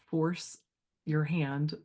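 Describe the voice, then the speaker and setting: A woman's voice: deep voice, little pitch movement, very slow, a little mellow. Teacher type, a woman thinking aloud on a podcast, loose and rambling, heavy on filler words. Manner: reflective, rambling with many fillers. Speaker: guest. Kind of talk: casual podcast chat.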